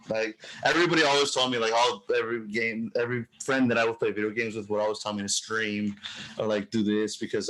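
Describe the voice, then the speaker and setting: A man's voice: fairly low pitch, poor audio. Laid-back man swearing freely in chat. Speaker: podcast guest, streamer. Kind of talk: casual chat.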